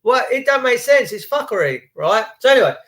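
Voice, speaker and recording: A man ranting casually to his viewers, acting out little scenes in quick put-on voices, slangy and swearing. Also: very high voice, sing-song, fairly bright tone. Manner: slangy, swears, rhetorical questions. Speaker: video host.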